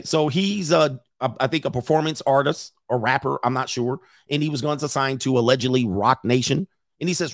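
A man hosting a casual commentary show, reacting to a list with jokes and loud exclamations. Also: mid-range voice, dry recording, clean studio sound.

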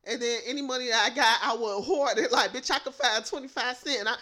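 A young adult woman co-hosting a podcast, telling stories in a loud, laughing, profane, animated way. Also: on the high side, fast talker. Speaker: podcast co-host. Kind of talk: casual chat.

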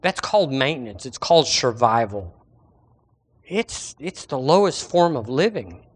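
A man preaching a sermon as pastor, animated and acting out the voices of his listeners. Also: medium pitch, unhurried, husky.

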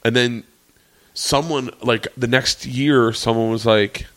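A man in his forties telling a long comedy story in casual chat, animated and profane, often laughing. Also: medium pitch, takes it slowly. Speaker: comedian guest.

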